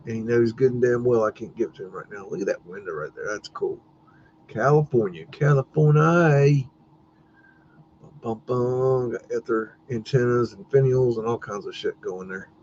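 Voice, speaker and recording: A man's voice: mid-range voice, a little fast, warm tone. Casual male stream host, rambly, laughs a lot, salty language. Muffled lo-fi audio, faint hiss. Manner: rambling, laughing, swearing, talks to his dog. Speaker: livestream host. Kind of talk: casual livestream commentary.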